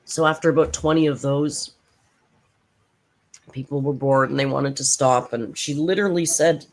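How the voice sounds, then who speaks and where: A woman's voice: a bass voice, fairly even intonation, moderate pace, pauses often. A woman hosting a reaction channel, giving blunt, sarcastic casual commentary and swearing freely.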